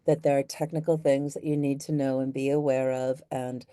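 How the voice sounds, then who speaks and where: Brief: female host, very low and mellow, encouraging chat voice. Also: little pitch movement, moderate pace, clear, resonant tone, no echo, studio quality. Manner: affirming, lots of listening sounds. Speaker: interview host. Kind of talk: casual interview talk.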